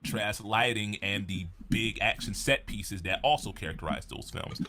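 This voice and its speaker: A man narrating a scripted film analysis video in a measured, explanatory way. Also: lowish voice, background noise. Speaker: video essayist.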